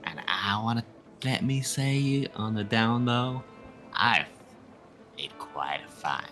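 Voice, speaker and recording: A swaggering frontier prospector , played by a man, boasts in a very low voice. His tone is bright and forceful, with a sly drawl. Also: wildly swooping pitch, normal speed, vocal fry, faint music behind, full character voice. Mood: boastful. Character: swaggering male frontier prospector with a tall tale.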